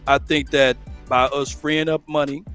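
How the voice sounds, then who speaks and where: A man's voice: on the high side, little pitch movement, moderate pace, fairly bright tone, clean tone, soft background music. A man co-hosting a casual sports talk stream, chatty and explaining at length with laughs. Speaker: co-host, legal analyst.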